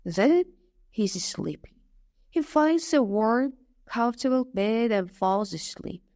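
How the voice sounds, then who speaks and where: A woman narrates a storybook for English learners, slow and clear. Her fairly high voice moves a lot in pitch, and the sound is dry and close. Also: dry recording. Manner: slow, clear, expressive reading.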